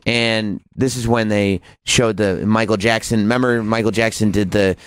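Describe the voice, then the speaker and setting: A man's voice: on the low side, steady tone, moderate pace, clear, resonant tone, no echo, clean studio sound. A man hosting a talk radio show, bantering casually in a sarcastic, crude way. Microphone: studio microphone.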